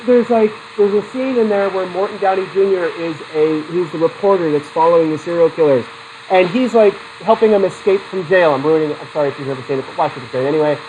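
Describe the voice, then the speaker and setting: A man's voice: high voice, darkish tone, a little hiss or hum, low-quality recording. A man teaching a psychology class in a chatty, digressive way, laughing often and putting questions to his students. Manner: laughs often between points. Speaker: psychology instructor. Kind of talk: classroom lecture.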